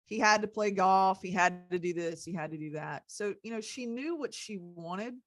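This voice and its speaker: A woman's voice: mid-range voice, normal speed, dry recording. Lady host, rambly, lots of "you know", dry close mic. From Texas. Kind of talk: casual podcast chat.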